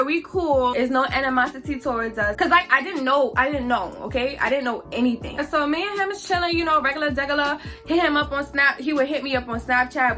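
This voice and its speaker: A young woman telling a story on her vlog in a chatty, animated, slangy way. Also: high-pitched.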